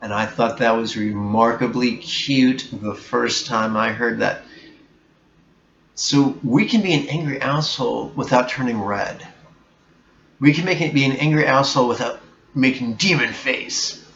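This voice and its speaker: A man speaking very slowly and deliberately at a middle pitch, giving a reflective meditation talk with blunt emphasis. The room echoes around him, and the sound is dull and slightly muffled, with a faint hiss underneath. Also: vocal fry, fairly bright tone. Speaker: meditation teacher.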